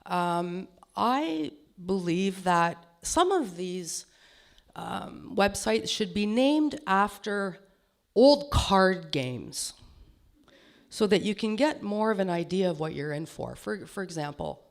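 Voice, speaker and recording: A woman's voice: medium pitch, expressive, slow, creaky. A middle-aged woman with a lisp doing a self-deprecating stand-up comedy set on stage, laughing at her own jokes. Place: small comedy stage before an audience.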